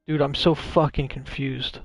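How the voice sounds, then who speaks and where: A man's voice: medium pitch, little pitch movement, a little slow, vocal fry, no echo. A man commenting on his game live, rambling and swearing in frustration. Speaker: streamer.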